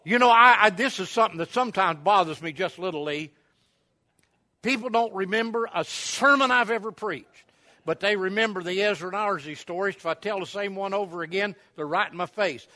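A man's voice: high-pitched, brisk, sharp tone. A man, preaching at a camp meeting and telling a folksy, rambling story with many fillers. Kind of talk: sermon storytelling.

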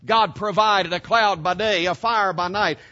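High-voiced emphatic male preacher. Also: steady tone, measured pace, bright, forceful tone, muffled recording. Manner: emphatic, addresses congregation directly with rhetorical questions. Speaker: pastor. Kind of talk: sermon.

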